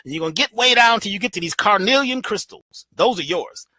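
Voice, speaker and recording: A man giving an animated motivational talk as a guest, preachy and emphatic in a colloquial way, playing with his voice. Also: high-pitched, brisk, no echo. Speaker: guest speaker.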